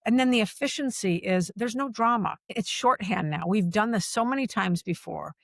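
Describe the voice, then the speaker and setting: Woman podcast guest, animated and emphatic, repeats key phrases, mid pitch, dry close sound. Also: moderate pace, gravelly, no echo. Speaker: guest, workplace culture executive. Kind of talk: conversational podcast interview.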